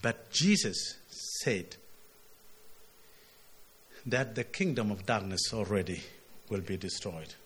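A man preaches a sermon in a low, husky voice. He explains a scripture passage and keeps checking in with his listeners. His voice climbs and gets louder whenever he quotes the text. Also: animated, takes it slowly, long pauses. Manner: expository, asks "isn't it?", surges loud on quotes.

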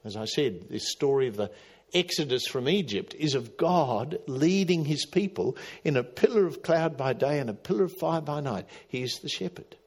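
A middle-aged man preaching a sermon, swinging from loud emphatic calls to quiet, low asides. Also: lively intonation, moderate pace, slightly rough. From Australia. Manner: dramatic, rising to loud emphatic calls then dropping quiet. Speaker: pastor.

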